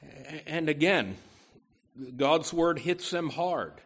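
A man delivers a sermon at an unhurried pace, his voice sitting a little high for a man. He leans hard on key words and scatters "you know" asides between points. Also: lively intonation, gravelly, fairly bright tone, husky. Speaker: preacher.

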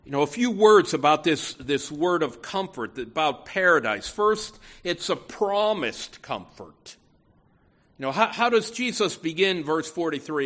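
Male pastor, sermon delivery, unhurried and emphatic, slightly raised voice. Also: a little high, lively intonation, a bit bright. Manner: earnest, emphatic, with frequent restarts and "you know". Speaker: preacher.

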